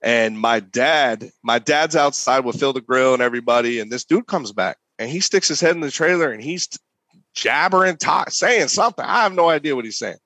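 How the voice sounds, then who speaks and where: A man's voice: mid-range voice, a little fast, no room sound. A young man, a competition barbecue cook, casually telling a story and acting out the voices in it. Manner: animated, acts out voices.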